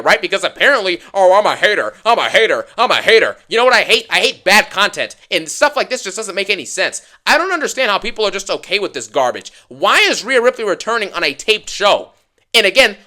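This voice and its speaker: A man's voice: high voice, sharp tone. A young man ranting sarcastically to his viewers, exasperated and mocking the people he recaps in funny voices. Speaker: wrestling commentator ranting to viewers.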